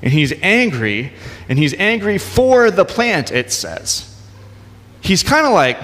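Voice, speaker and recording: Guy preaching a sermon, chatty and relaxed, kinda echoey church hall sound. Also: sits high, slow pace. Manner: conversational preaching with casual asides. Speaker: pastor.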